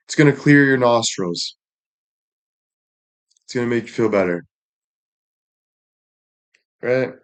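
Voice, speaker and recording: A young man ranting bluntly at his viewers with heavy swearing and repeated catchphrases. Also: mid-range voice. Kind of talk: profane rant to viewers.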